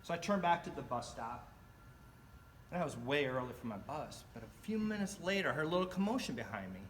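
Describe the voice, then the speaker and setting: Brief: middle-aged male storyteller, fairly high bright voice, animated delivery, faint room noise. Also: a little fast. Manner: animated, acts out quoted voices. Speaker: club speaker. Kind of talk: storytelling speech.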